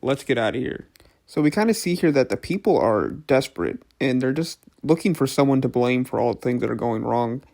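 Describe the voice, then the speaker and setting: Chill dude talking comics on his channel, easygoing, swears here and there, average pitch. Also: a little fast, gravelly, hardly any pauses. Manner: relaxed, chatty, swears casually. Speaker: comic book reviewer. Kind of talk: casual comic recap vlog.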